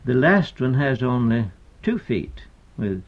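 An older man, a poet, lecturing on meter in a hesitant, deliberate way with many pauses and fillers, on a dull lo-fi archival recording. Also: mid-range voice, big pitch swings.

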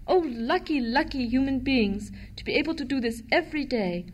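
A woman's voice: high-pitched, expressive, moderate pace, slight background noise, low-quality recording. A woman voicing a lonely, impish boy statue come to life, eager and pleading.

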